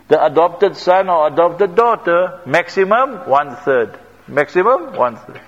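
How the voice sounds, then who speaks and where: South african preacher guy, highish voice, storytelling sermon, echoey hall, muffled recording. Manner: anecdotal, repetitive, non-standard grammar. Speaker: Islamic preacher. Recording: reverberant hall, dull lo-fi sound.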